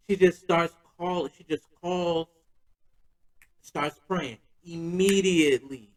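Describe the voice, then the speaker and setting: A man's voice: sits high, measured pace, rough recording. A man hosting a podcast, telling a personal story in a loose, slangy, conversational way. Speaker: podcast host.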